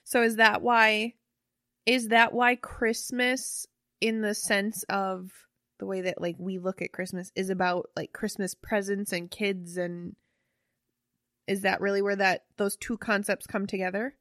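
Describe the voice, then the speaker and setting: An excitable young woman co-hosts a casual podcast chat, jumping in with curious questions. Her middling-pitched voice comes at a measured pace, recorded close and dry with no room sound.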